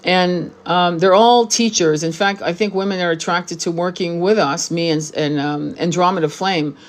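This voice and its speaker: A woman's voice: on the low side, moderate pace. A woman in her sixties, a tarot reader and spiritual teacher, talking bluntly and with profanity to camera in a casual monologue, repeating points for emphasis. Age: 60s.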